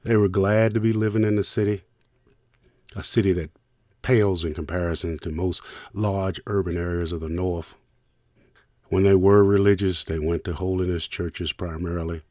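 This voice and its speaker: An older man from Richmond hosting a storytelling podcast, reminiscing in the first person and thanking listeners warmly. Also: low voice, steady tone, normal speed, no echo, clean studio sound. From Richmond, United States. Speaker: podcast host and producer.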